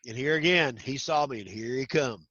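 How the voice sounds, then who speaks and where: A man's voice: medium pitch, normal speed, no echo. A middle-aged man from Arkansas, casually telling stories and acting out the voices in them. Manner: animated, acts out voices in anecdotes. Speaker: guest storyteller. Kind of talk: casual storytelling chat. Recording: dull lo-fi sound.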